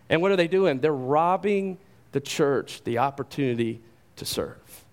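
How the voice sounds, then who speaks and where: A male pastor delivering a sermon with emphatic, rhetorical delivery. His voice sits a little higher than most men's, and he often repeats a word as he drives a point home. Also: animated, moderate pace. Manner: emphatic, rhetorical questions, repeats words when stressing.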